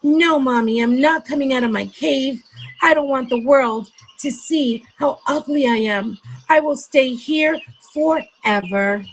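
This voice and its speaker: A woman's voice: high voice, measured pace, voice pushed up, low-quality recording. A woman voicing a shy young male duckling who is ashamed of his looks, speaking timidly and hesitantly. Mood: sulky.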